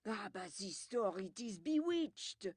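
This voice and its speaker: A woman puts on a smug older gentleman detective, brisk and lecturing, pleased with his own cleverness. The delivery is slow and deliberate, with a lively lilt, and the sound is dry and close. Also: mid-range voice, husky, dry recording, exaggerated voice. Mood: exasperated. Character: fussy, self-assured older male detective.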